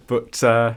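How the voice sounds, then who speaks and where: A man's voice: mid-range voice, a bit bright, slight background noise. A man with a northern English, Yorkshire accent, a podcast guest in casual chat who laughs often and halts with ums. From northern England.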